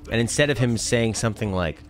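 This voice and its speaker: A man's voice: medium pitch, fairly quick, slight background noise. A young man chatting casually and jokily as he plays through a video game. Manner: chatty, rambling, jokey. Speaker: gaming channel host. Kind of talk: casual let's-play commentary.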